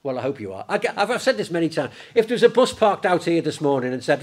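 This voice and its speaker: A man preaching a sermon in church, lively and conversational, raising his voice when he acts out the disciples. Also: fairly high pitch, fast talker, few pauses. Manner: animated, acts out the disciples in a raised voice.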